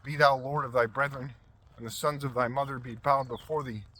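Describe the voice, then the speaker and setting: A man reading the part of an aged blind father, solemn and measured, in a scripture reading. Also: mid-range voice, steady tone, bright, forceful tone.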